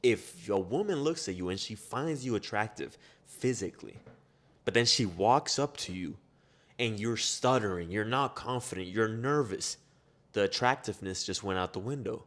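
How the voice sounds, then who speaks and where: A man with a fairly low-pitched voice gives a motivational self-improvement monologue. He's blunt and profane, firing off rapid rhetorical questions.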